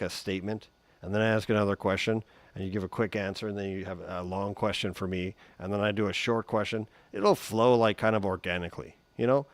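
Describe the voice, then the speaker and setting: Laid-back guitar teacher man, low voice. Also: no echo. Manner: relaxed, chatty, sings note sounds. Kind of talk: casual live-stream guitar lesson.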